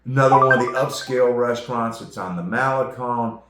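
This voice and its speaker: A man hosting a travel vlog, chatting casually about restaurants in a relaxed, rambling way. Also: medium pitch, a little fast, roomy sound, soft background music. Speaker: host. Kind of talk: casual chat reviewing restaurants.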